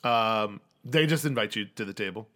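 A man narrating as game master of a tabletop game, lively and often laughing. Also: on the low side, normal speed. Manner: lively, laughs often, slips into character voices.

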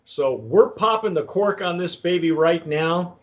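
Man, fairly high voice, casual tasting host, rambling, halting. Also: expressive, muffled recording. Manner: rambling, halting, with many restarts and fillers. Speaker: tequila review host.

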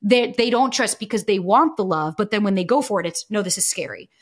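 Blunt, expressive woman guest. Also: mid-range voice, fairly quick. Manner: blunt, expressive, swears freely, acts out quoted voices. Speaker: podcast guest, dating coach. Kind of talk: candid conversational storytelling.

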